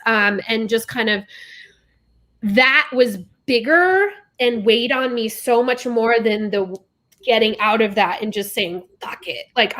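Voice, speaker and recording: A woman's voice: fairly high pitch, a bit bright. A woman co-hosting a podcast, talking candidly and with feeling, laughing often. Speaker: podcast co-host. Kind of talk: emotional casual chat.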